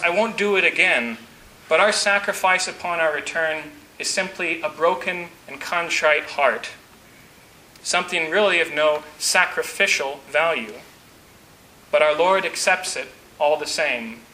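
A man preaches a sermon with a bright, sharp, fairly high voice. He talks earnestly and in measured phrases, slowing right down on key words. The echoey church sound has a faint hiss under it. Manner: earnest, measured preaching with slow emphatic pauses. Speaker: pastor.

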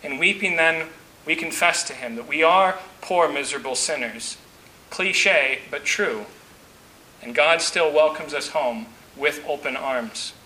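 A man preaches a sermon with a bright, sharp, fairly high voice. He talks earnestly and in measured phrases, slowing right down on key words. The echoey church sound has a faint hiss under it. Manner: earnest, measured preaching with slow emphatic pauses. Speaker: pastor.

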